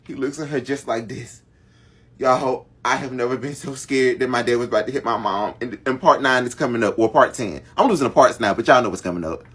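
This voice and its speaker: A man's voice: mid-range voice, brisk, fairly bright tone, slightly rough. Guy doing a dramatic storytime, chatty, talking right at the camera. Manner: dramatic, addresses viewers directly. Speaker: storytime vlogger. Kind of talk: casual storytime monologue.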